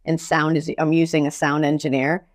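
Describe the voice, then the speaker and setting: A woman mental skills coach talking in a podcast interview, energetic and blunt, telling stories with casual swearing. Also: low voice, normal speed.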